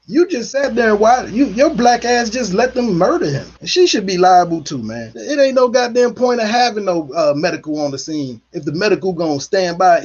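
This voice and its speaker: Angry guy cursing thru his commentary, raspy voice, kinda muffled recording. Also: high-pitched, darkish tone. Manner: angry, profane ranting. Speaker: political commentary host. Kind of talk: heated solo commentary.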